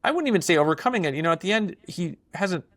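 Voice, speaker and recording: A man's voice: high voice, fast, dry recording. A man being interviewed about his film, talking casually and animatedly with plenty of fillers. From not from England. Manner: animated storyteller, many fillers. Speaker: filmmaker guest.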